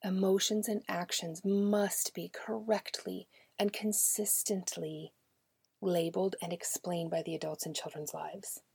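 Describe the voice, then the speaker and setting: A woman's voice: on the low side, steady tone, unhurried, creaky, a little mellow, husky, no room sound. A woman hosting a podcast, talking directly to parents in a conversational way and often dropping to a near-whisper. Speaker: podcast host. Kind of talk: podcast talk to parents and educators.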